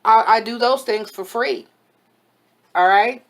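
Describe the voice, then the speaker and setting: A woman's voice: on the high side, slow pace, a bit bright. A woman giving a casual tarot reading to camera as a spiritual advisor, frank and chatty, her voice a little worn from overuse. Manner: frank, chatty, blunt and motherly advice.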